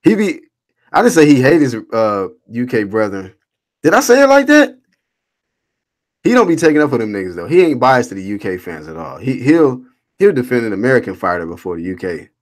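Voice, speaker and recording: Fairly low in pitch and brisk, this man reads his boxing livestream's chat aloud. The casual host answers with blunt, animated ranting, swearing and using slang freely.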